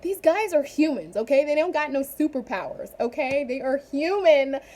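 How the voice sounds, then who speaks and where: A young woman chatting casually in a vlog, animated and rambling with frequent asides. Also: high-pitched, normal speed. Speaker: vlogger.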